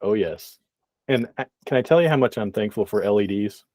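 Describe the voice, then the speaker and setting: A man's voice: fairly low pitch, expressive, brisk, warm tone, no room sound. Encouraging guy hosting a meetup, dry sound. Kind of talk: casual group chat.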